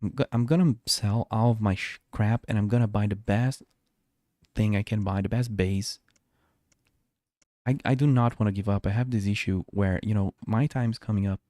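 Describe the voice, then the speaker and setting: Low, mellow-voiced man rambling over gameplay. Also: fairly even intonation, normal speed, no echo, studio quality. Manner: rambling, self-talking, restarts often. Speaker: streamer. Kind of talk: live gameplay commentary. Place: home.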